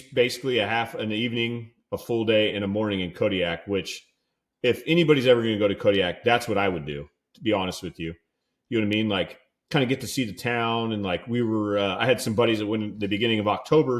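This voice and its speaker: A young man from California tells a story on a podcast in a loose, rambling way, stringing thoughts together with "like" and "dude." His voice sits a bit low, and the telling is casual and unscripted. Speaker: podcast co-host.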